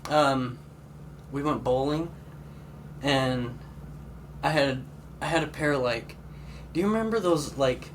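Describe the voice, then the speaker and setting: A man's voice: mid-range voice, slow, pauses often. Young guy chatting on a podcast, rambly, says like a lot, bit of hiss behind. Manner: rambling, lots of "like" fillers, laughs while telling stories. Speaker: podcast co-host. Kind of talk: casual chat. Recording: faint background noise.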